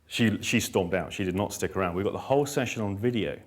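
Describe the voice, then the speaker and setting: A man's voice: lowish voice, fast talker. A man, a therapist and trainer, giving a live workshop talk in an emphatic, blunt way, repeating key lines and telling stories with dry self-mockery.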